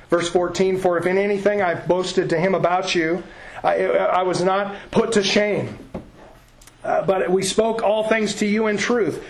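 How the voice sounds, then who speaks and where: High-voiced man preaching earnestly. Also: low-quality recording. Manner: earnest, emphatic preaching with repeated phrases and questions to the congregation. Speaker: pastor. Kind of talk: sermon.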